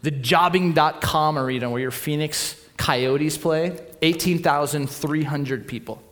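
A man from Southern California preaching a storytelling sermon, acting out voices and swinging from loud to quiet. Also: on the high side, measured pace, big-room sound, faint music behind.

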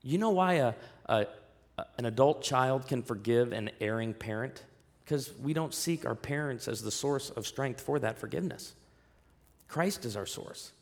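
Pastor guy preaching, gravelly voice, tells stories then gets loud and punchy. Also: mid-range voice, expressive, normal speed. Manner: storytelling preacher, rising to loud emphatic peaks. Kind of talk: sermon.

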